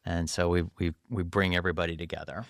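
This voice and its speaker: A man's voice: low voice, fairly even intonation, fast, gravelly, no echo, clean studio sound. A man being interviewed on a podcast, explaining his ideas earnestly and laughing easily. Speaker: podcast guest, runs a doctors' network. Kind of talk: conversational interview.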